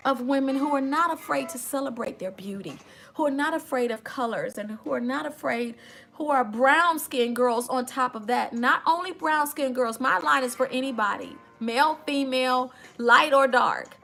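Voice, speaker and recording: A woman's voice: high voice, moderate pace, vocal fry, fairly bright tone, faint music behind. A woman hosts a casual makeup tutorial, chatty and emotional, talking straight to her viewers. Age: 50s.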